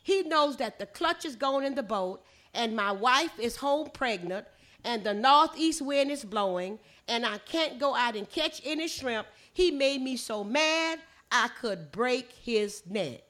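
A woman's voice: a little high, lively intonation, a little slow, a bit bright. An older woman reading the lines of an angry, broke young male fisherman in a told story. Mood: aggrieved. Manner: storytelling read-aloud, emphatic.

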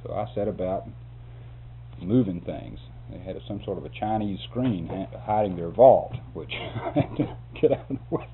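A man's voice: low voice, normal speed. An older man, a photographer, telling a rambling, chuckling story in an interview. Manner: chuckling, folksy, animated. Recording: tinny lo-fi tape with hum.

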